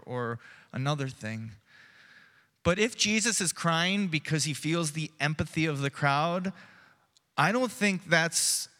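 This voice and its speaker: Pastor, man, high bright voice, unhurried earnest sermon delivery, church hall reverb. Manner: measured, earnest preaching, dropping soft and slow for reflection. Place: church sanctuary.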